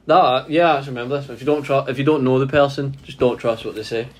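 A man's voice: medium pitch, fairly even intonation, fast talker, slightly rough. A young man with a Glasgow accent co-hosting a casual podcast, laid-back and swearing casually. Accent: Glaswegian. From Scotland. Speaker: podcast co-host. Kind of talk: casual chat.

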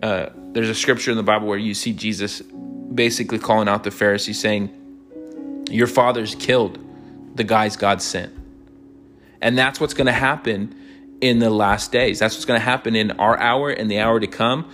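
A man's voice: on the low side, fairly even intonation, brisk, a bit bright, soft background music. A man hosting a podcast Bible study, teaching in an emphatic, conversational way and often asking "right?".

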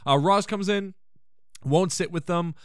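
A man hosting a podcast, casually recapping an episode in a joking, animated way with the odd swear and laugh. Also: high-pitched, unhurried, smooth, no room sound, studio quality. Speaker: podcast host.

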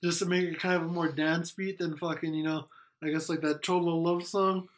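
A man's voice: fairly high pitch, little pitch movement, a little fast. A man in casual podcast chat, talking in a rambling, joking way and swearing often.

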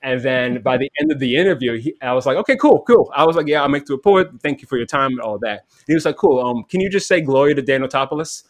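A man's voice: mid-range voice, fast, few pauses, no echo. Rambling young-sounding man telling game stories. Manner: rambling, acts out quoted voices, many "like" fillers. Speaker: podcast guest. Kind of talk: casual storytelling about a game.

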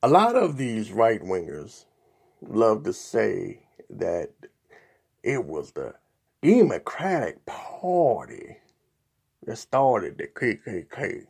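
A man with a low, gravelly voice delivers political commentary on his podcast. He reads news reports aloud at an unhurried pace and keeps stopping for his own asides. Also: sing-song. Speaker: podcast host.

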